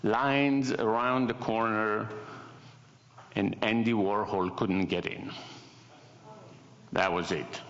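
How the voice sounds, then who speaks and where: Gravelly older Italian man telling stories. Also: on the low side, slow, long pauses. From Italy. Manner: wry, self-mocking, lively storyteller. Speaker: designer giving a guest lecture. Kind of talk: anecdotal lecture storytelling. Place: lecture hall. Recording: echoey hall, dull lo-fi sound.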